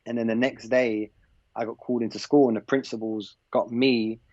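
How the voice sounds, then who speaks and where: A man in his thirties with an English accent, a podcast guest telling a story in a relaxed, rambling way and acting out the dialogue. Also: mid-range voice, moderate pace, no echo, lo-fi sound. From England. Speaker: podcast guest, former basketball player. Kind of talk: casual anecdotal storytelling.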